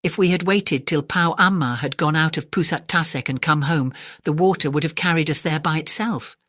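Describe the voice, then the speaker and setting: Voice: medium pitch, normal speed, a bit bright, no echo, clean studio sound, close to an everyday voice. A reader voicing a lazy, weary male fisherman in a bedtime storybook. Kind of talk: storybook reading.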